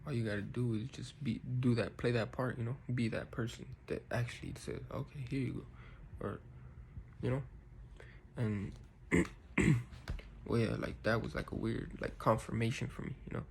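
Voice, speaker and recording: A man's voice: mid-range voice, steady tone, moderate pace, creaky, long pauses, a little mellow, a little hiss or hum. A man talking casually and reflectively to his viewers, rambling with many fillers like "you know" and "like". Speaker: vlogger. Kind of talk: casual personal talk to camera.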